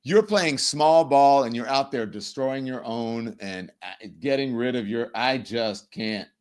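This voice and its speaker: A middle-aged man hosting a live political commentary stream, ranting in an animated, profane way. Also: mid-range voice, measured pace. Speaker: livestream host.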